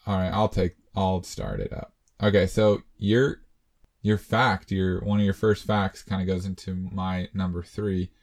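A man's voice: sits low, measured pace, darkish tone. A man co-hosting a casual podcast, joking and laughing as he reacts to movie talk. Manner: jokey, laid-back, laughs often. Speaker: podcast co-host.

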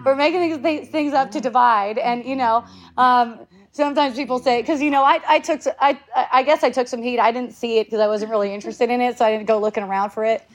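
High-pitched lady in her fifties just chatting to a group, swears a ton, keeps laughing, lots of restarts. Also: steady tone, fast. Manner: laughs often, profane, trailing restarts. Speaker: speaker in a group talk. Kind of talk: casual, rambling group talk.

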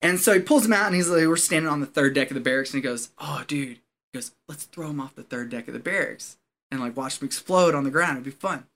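A man, a former Marine, telling a story in casual chat, animated and profane, often laughing as he talks. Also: fairly high pitch, fast talker, gravelly.

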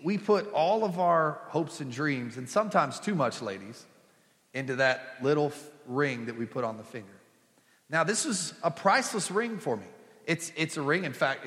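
A middle-aged man preaching a humorous sermon, telling a personal story in a chatty, joking way with squealed impressions. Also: a bit bright. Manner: chatty, jokey, with put-on high squeals for quoted women. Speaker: pastor. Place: church sanctuary. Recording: long hall reverb.

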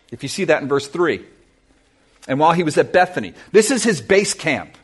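A man preaching a sermon to his church, telling a Bible story with lively questions to the congregation. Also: on the high side. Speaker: pastor.

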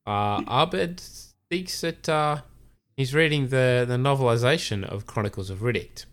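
A man's voice: mid-range voice, lively intonation, moderate pace. A man hosting a podcast, casually recapping an episode, with frequent "uh"s and quoted lines. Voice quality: filler-heavy recap with acted quotes. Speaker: podcast host.

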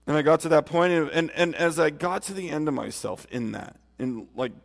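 A man's voice: on the high side, a little fast, vocal fry. A man preaching a sermon and giving his testimony, earnest and emphatic, speaking straight to his listeners. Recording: long hall reverb.

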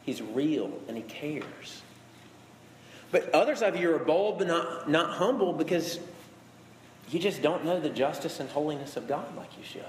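A man's voice: a little high, lively intonation, moderate pace, a little hiss or hum. A man in his thirties, a pastor, preaching a conversational sermon with emphatic repetition. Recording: echoey hall with faint ambience.

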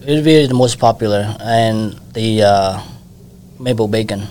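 Relaxed lower-voiced man. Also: a little slow, slight background noise. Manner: simple non-native English, relaxed and friendly. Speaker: donut shop owner. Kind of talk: casual interview.

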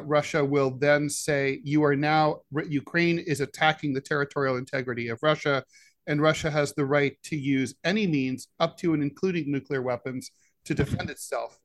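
Halting, fairly high-voiced male podcast host. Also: fairly bright tone, no echo. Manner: halting delivery with many "uh" fillers. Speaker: podcast co-host, editorial cartoonist. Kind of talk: political discussion podcast.

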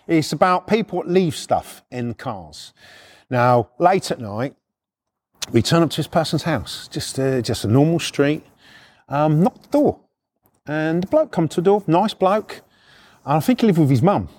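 A middle-aged man spinning casual, blunt tales with plenty of swearing. His voice sits a bit high and husky and rises and falls in a lively way. He slips into the voices of the people he talks about. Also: measured pace. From United Kingdom. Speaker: podcast storyteller, former repo man. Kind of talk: casual storytelling.

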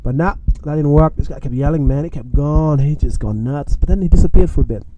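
A young man from Australia telling a frightening personal story in a casual, animated way, often ending phrases with "man". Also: a little high, a little fast, lo-fi sound, noisy background. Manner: animated, self-mocking, acts out his own panic; repeats lines and ends phrases with "man". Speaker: podcast storyteller.

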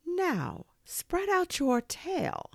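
Woman reading a kind old moon spirit, high singsong, slow and swoopy. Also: huge pitch swings, creaky, no echo, heavily acted. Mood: amused. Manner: high, sing-song storybook voice. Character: wise gentle female moon spirit.

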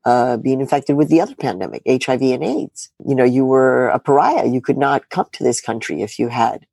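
A woman's voice: extremely low pitch, animated, fairly quick, vocal fry, darkish tone, dry recording, clean studio sound. A middle-aged woman journalist in an interview, talking emphatically and firing rhetorical questions with sarcastic asides. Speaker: journalist guest. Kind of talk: animated political interview talk.

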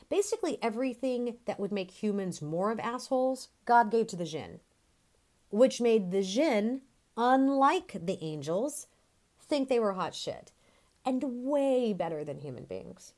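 A woman telling a story in a theatrical monologue. She is animated and conversational, and swears casually, with a middle-range voice. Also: mid-range voice.

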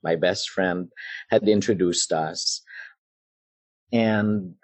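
A man recounting a personal episode in an unhurried, deliberate way, leaning into the drama of the moment. His voice is low and a bit husky, each phrase given room. The sound is close and dry, with no room around it. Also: fairly even intonation, dry recording. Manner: measured, dramatic retelling with pauses and soft laughs. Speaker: guest storyteller. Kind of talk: personal storytelling in conversation.

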